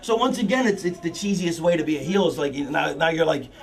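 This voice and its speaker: Fast, gravelly man with rambling speech. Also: fairly high pitch, lively intonation. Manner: rambling, profane, full of "you know". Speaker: veteran wrestler coaching a younger wrestler. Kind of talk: casual backstage planning talk. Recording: music playing in the background.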